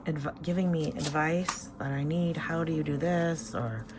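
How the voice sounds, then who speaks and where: A woman in a casual home vlog, counting cash and talking about her savings with excited emotion. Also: low-pitched, measured pace, noisy background. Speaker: savings vlogger.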